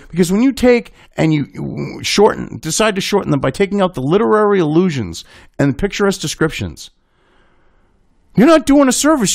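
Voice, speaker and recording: A man's voice: on the high side, vocal fry, no room sound, clean studio sound. A man hosting a commentary show, ranting with indignant, sarcastic, profane outbursts.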